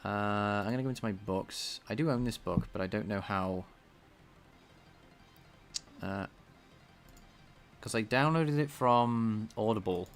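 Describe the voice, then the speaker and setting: A man with a slightly nasal voice, thinking out loud as he codes live and talks to his chat. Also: fairly low pitch, measured pace, pauses often, faint music behind. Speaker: game developer streaming his coding. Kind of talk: casual live-coding chat.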